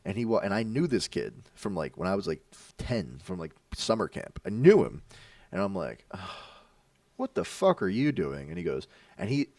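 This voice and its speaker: Animated young man telling stories. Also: deep voice, fairly quick, no room sound, far from the mic. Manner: animated, acts out voices in his stories, swears freely. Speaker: podcast co-host. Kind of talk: casual storytelling.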